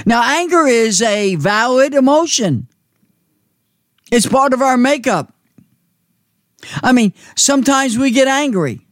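A man preaching a sermon, slow and emphatic, repeating phrases for weight. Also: very high voice, lively intonation, no room sound, clean studio sound.

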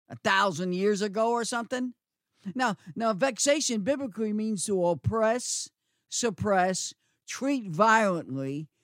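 A man's voice: sits high, fairly bright tone, dry recording, clean studio sound. A man preaching a sermon, repeating words for emphasis and asking the listeners rhetorical questions.

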